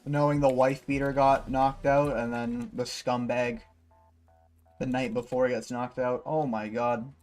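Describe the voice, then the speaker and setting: Male streamer, loose rambling chat with plenty of swearing, ordinary mid pitch, faint music in the background. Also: flat delivery, unhurried, a little mellow. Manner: rambling, swears freely, lots of fillers like "you know". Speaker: livestreamer. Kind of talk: casual stream chat while gaming.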